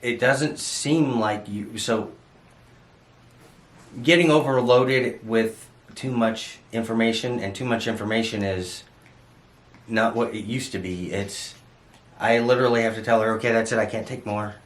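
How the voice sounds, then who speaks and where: Low-voiced man, halting speech, echoey room. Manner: halting, searching for words. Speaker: co-host living with dementia. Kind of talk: candid casual chat.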